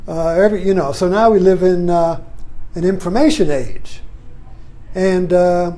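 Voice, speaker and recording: A man's voice: high voice, steady tone, a little slow, mellow. An older man giving a rambling, reflective monologue, often adding "you see" as he thinks aloud. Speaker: vlogger. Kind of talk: musing monologue.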